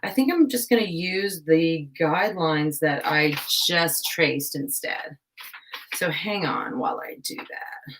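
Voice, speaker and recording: Young woman, slightly low voice, casual craft live stream, scatterbrained, self-deprecating, giggly. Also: slow pace, a bit bright, a little hiss or hum. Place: home craft room.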